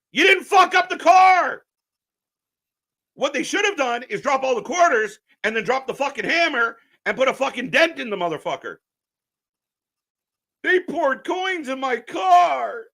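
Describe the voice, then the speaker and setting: On a live stream, a man plays wrestling commentator and rants in an extremely high-pitched voice. He's profane and mocking, swinging from muttering to shouting.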